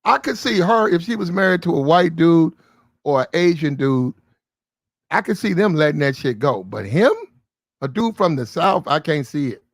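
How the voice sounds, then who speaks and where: A man's voice: a little high, lively intonation, normal speed, no echo. A man hosting a casual livestream, talking bluntly and incredulously and swearing freely. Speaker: livestream host. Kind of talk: casual commentary.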